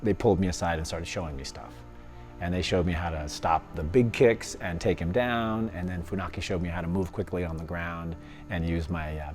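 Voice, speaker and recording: A man, a former fighter, telling his life story in an interview, lively and often laughing as he acts out what others said. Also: deep voice.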